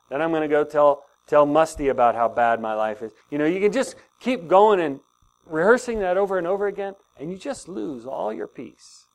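An older man preaching a sermon to his congregation, animated and often laughing as he talks. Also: fairly high pitch. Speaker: pastor.

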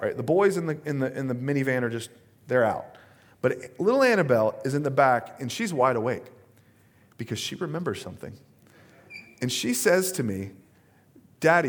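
A man's voice: medium pitch, sing-song, moderate pace. Casual, chatty man preaching a sermon. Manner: conversational storytelling with frequent fillers and asides. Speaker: pastor.

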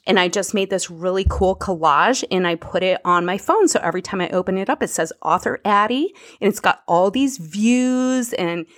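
A woman hosting a weight loss podcast, talking in an energetic, motivational way, cheering listeners on and laughing off her own slips. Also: mid-range voice, moderate pace, hardly any pauses. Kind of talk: upbeat motivational podcast talk.

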